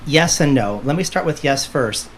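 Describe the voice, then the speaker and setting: Male medium telling lively stories. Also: on the high side, moderate pace, slight background noise. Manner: lively storyteller, acts out dialogue. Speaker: medium, podcast guest. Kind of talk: casual interview chat.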